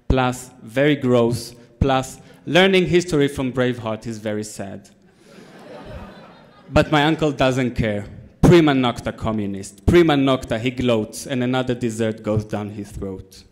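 Standing before a conference audience in a hall, a male speaker in his thirties tells a story with a straight face and well-timed comedy. His voice sits in the mid range.

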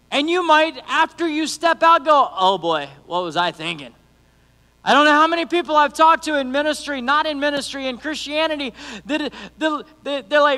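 A man's voice: very high voice, fast talker. A man preaching a sermon in a casual, conversational way, acting out the lines of people in his stories. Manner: animated, conversational, acts out quotes. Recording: long hall reverb.

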